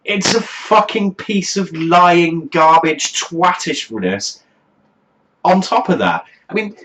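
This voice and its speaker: A man's voice: a little high, animated, takes it slowly, a bit bright, a little hiss or hum, low-quality recording. A man delivering a profane comedic rant as a music review host, swearing constantly in a mocking, exasperated way.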